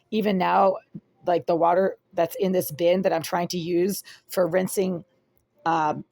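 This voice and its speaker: A woman records a complaint vlog on her phone inside a small apartment, her voice sitting low. She talks insistently, circling back and stacking descriptor after descriptor. The sound is dry and close, with little room echo. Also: a little mellow. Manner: insistent, repetitive, piling up descriptors. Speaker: vlogger filming her apartment. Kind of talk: agitated first-person complaint vlog.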